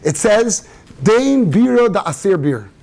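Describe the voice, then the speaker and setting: A man's voice: high-pitched, sing-song, unhurried, creaky, a little mellow. A man, a rabbi giving an informal Torah talk in a synagogue study hall, telling stories and mixing in Yiddish and Hebrew terms.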